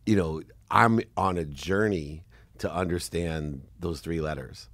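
Deep-voiced man in his fifties, animated. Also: a little slow, no room sound, studio quality. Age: 50s. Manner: animated, rambling, laughs often. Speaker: podcast host. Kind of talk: conversational interview.

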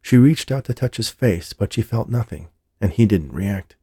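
Deep gravelly male audiobook narrator. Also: lively intonation, moderate pace, dark tone, no room sound, studio quality. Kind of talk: scripted narration.

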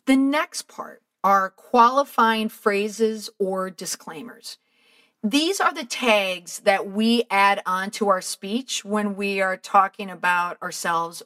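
A woman's voice: on the high side, a bit bright. A middle-aged woman hosting a podcast, giving direct coaching on speaking habits and putting questions to the listener. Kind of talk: instructive podcast monologue.

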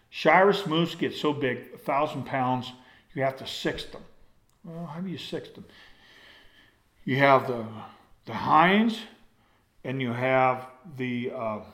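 A man's voice: mid-range voice, slow, fairly bright tone. An older man, a former hunting guide, telling a rambling personal story in a folksy way, often drifting off and circling back. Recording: roomy echo.

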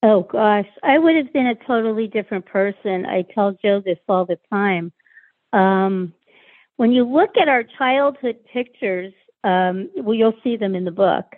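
A woman's voice: mid-range voice, expressive, unhurried, no room sound. Woman on a tinny phone line. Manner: candid, frank, speaks with many hesitations. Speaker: guest, sister of a murder victim. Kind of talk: personal interview.

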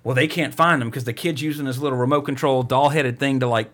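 Man, middle-pitched, loose and profane; rambles and mocks while retelling a film plot. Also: steady tone, quick pace, fairly bright tone. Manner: rambling, profane, mocking storyteller. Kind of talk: casual movie recap chat.

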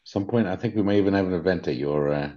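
A middle-aged man with a British accent hosting a spiritual podcast, talking gently and earnestly with many fillers and restarts. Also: deep voice, quick pace, lo-fi sound. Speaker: podcast host. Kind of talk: casual spiritual podcast talk.

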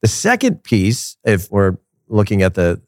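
A man hosting a casual soccer commentary show, opinionated and animated, repeating his points for emphasis. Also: on the low side, unhurried, no echo, clean studio sound. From United States.

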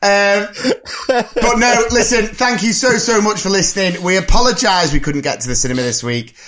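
A man's voice: high voice, normal speed, fairly bright tone. A man co-hosting a podcast in casual chat, chatty and laughing often as he rambles through the sign-off. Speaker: podcast co-host.

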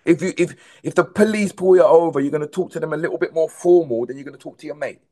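A man's voice: on the high side, fast. A man from South London with a London accent, a dancehall artist chatting emphatically in an interview and calling people bro and man. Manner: animated, repetitive, emphatic, says "bro" and "man" often. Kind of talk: casual interview chat.

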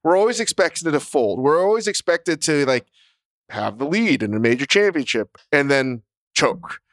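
Brief: slightly high-pitched male podcast co-host, dry close sound, excitable and profane. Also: normal speed, dry recording. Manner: animated, profane, laughing storyteller. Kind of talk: casual chat.

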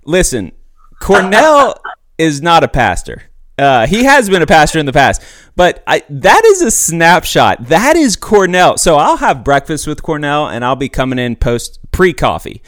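A man's voice: on the high side, unhurried, dry recording, clean studio sound. Chatty podcast host man. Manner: energetic, emphatic, chatty. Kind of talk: casual podcast chat.

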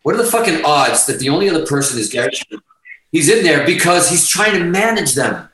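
A middle-aged man, a guest musician, telling a story in a casual, animated way, swearing constantly and restarting his sentences. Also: fairly high pitch, fairly quick. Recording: roomy sound, distant from the mic.

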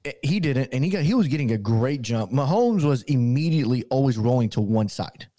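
A man hosting a sports podcast, walking through game plays in a measured, casual way. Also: mid-range voice, lively intonation, warm tone, dry recording. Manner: measured, breaks down plays with restarts. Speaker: podcast host.

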